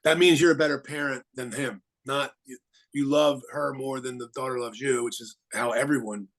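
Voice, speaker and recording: A man, an attorney, speaking as a guest in a casual interview, halting with many restarts and fillers. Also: medium pitch, fairly even intonation, fairly bright tone, poor audio.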